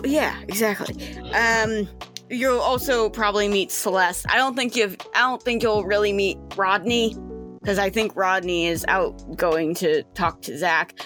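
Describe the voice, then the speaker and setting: A woman runs a tabletop role-playing game, narrating scenes and describing characters in a loose, chatty way. Her voice sits in a middle pitch, and faint music plays under her talk. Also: a bit bright. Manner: chatty, with many fillers and restarts. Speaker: game master.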